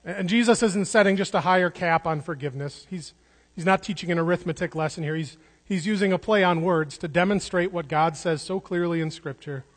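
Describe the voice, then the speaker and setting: A man's voice: high voice, a little fast. A man preaching a sermon in an earnest way, restarting words and repeating phrases for emphasis. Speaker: pastor. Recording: long hall reverb.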